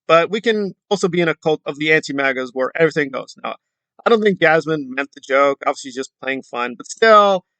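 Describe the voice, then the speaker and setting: A man with a bright, forward voice and a slightly raised pitch talks through commentary in a rambling, hesitant way. His sound is dry and close, with no room around it. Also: lively intonation, fairly quick, no room sound. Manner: rambling, hesitant, with frequent fillers. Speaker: commentary YouTuber. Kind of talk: casual commentary.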